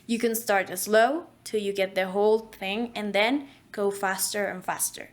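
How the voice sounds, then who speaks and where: A woman's voice: mid-range voice, steady tone, a little slow. Woman teaching a voice acting lesson. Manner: instructive, demonstrates diction drills at varying speeds. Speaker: voice acting instructor. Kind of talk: online course lesson.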